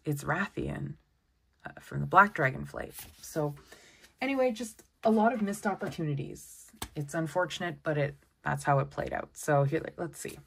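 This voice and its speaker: A woman giving a casual tarot deck walkthrough, chatty and excitable, often exclaiming over the cards. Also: low voice, normal speed, gravelly, slightly rough. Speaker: tarot content creator.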